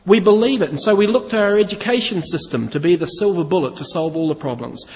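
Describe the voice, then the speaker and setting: A man's voice: high voice, fast, darkish tone, long reverb tail, low-quality recording. A man preaching a sermon, asking his listeners questions and leaning hard on key words. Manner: asks the congregation questions, stresses key words.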